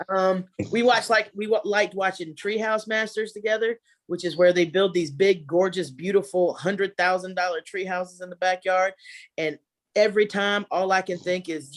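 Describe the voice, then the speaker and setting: A woman's voice: medium pitch, steady tone, moderate pace. A woman doing a stand-up comedy set at home, chatty and self-mocking, laughing at her own jokes. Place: home, virtual show.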